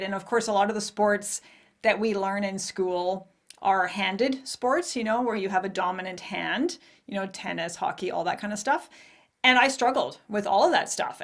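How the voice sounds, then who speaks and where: A woman in her forties hosting a podcast, telling a personal story candidly, with laughs and acted-out quotes. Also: medium pitch. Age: 40s. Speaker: podcast host. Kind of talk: personal monologue.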